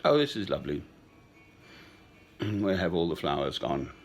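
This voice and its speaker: A man in his sixties talking in a slow, sentimental, rambling personal monologue with chuckles. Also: deep voice, big pitch swings, faint music behind. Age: 60s. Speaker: speaker addressing a woman.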